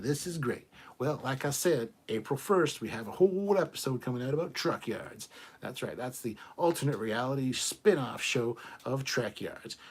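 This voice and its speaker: A man's voice: medium pitch, breathy edge. A man hosting a live stream, reading viewer comments aloud in a chatty, joking way. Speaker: livestream host reading chat. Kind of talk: casual live chat.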